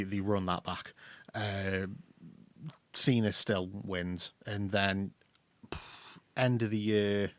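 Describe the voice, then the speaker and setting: A man with an English accent co-hosting a podcast, chatting casually and acting out quotes in quick bursts. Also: on the low side, no room sound. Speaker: podcast co-host. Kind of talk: casual chat.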